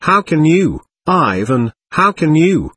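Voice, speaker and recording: A man reading a timid, grieved young man pleading with his brother, in a husky voice. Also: medium pitch, sing-song, measured pace, fairly bright tone, full character voice.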